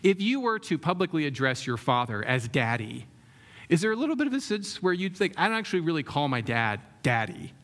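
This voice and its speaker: A man's voice: on the high side, big pitch swings, fairly quick, a bit bright. A man preaching a sermon in a conversational way, often asking the room questions and using many fillers. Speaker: pastor.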